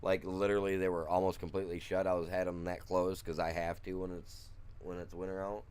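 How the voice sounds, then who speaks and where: A man's voice: low-pitched, flat delivery, brisk, darkish tone, smooth. A man streaming a game from his room at home, chatting casually and rambling, trailing off and restarting, with chuckles. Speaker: gaming streamer. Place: room at home with blacked-out windows.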